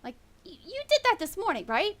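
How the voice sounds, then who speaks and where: Woman playing a chirpy orc farm wife, coaxing, high voice. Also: big pitch swings, a little fast, a bit bright, full character voice. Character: cheerful female orc farm wife, bossy.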